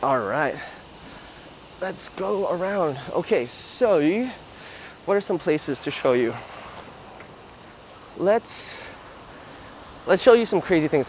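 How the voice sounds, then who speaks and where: A man's voice: fairly high pitch, a little mellow, a little hiss or hum, poor audio. A man hosting a casual livestream outdoors on city streets, chatting in a rambling way with lots of fillers. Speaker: livestream host.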